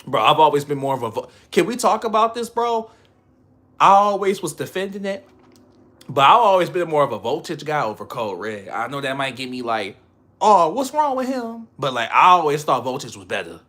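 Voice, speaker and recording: A man's voice: a little high, expressive, fairly quick, bright, forceful tone. A man chatting casually on a livestream, rambling in slang and laughing often.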